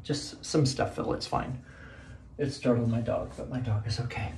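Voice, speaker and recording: A man's voice: mid-range voice, normal speed, darkish tone, a little hiss or hum. A middle-aged male teacher talking casually to his phone from a small bathroom, nervous and rambling, exclaiming to himself as he goes. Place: small bathroom, sitting in a bathtub. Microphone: phone propped nearby.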